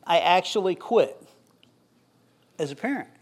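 Man, pastor, middle-aged, high-pitched, conversational sermon, joking with the congregation. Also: animated, measured pace, slightly rough.

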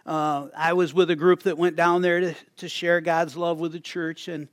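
An older male pastor delivers a sermon in a relaxed, conversational manner, restarting phrases and chuckling as he goes. His voice sits a little high for a man. The sound is close and dry, with no room echo. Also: normal speed.

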